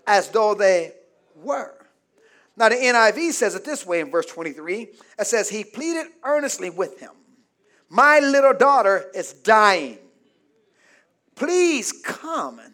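A male pastor preaching a call-and-response sermon, calling out to the congregation and building to shouts. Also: very high voice.

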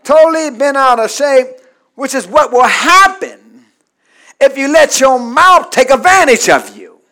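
A man preaching a sermon in call-and-response style, repeating lines and asking the congregation to say them back, swinging between soft asides and shouted climaxes. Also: extremely high pitch, very animated, unhurried. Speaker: pastor.

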